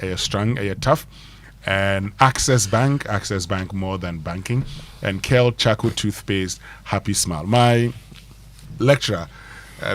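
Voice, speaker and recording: Ghanaian male morning show host, low-ish voice, chatty and explanatory. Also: a little hiss or hum. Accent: Ghanaian English. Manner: explanatory, laughs often between points. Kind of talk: radio morning show chat and pronunciation segment. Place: radio studio.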